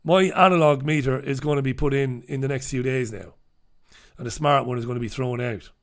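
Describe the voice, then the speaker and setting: Blunt, swearing middle-aged newspaper host. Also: male voice, medium pitch, fairly quick. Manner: blunt, swears freely, chatty asides. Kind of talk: casual opinionated commentary.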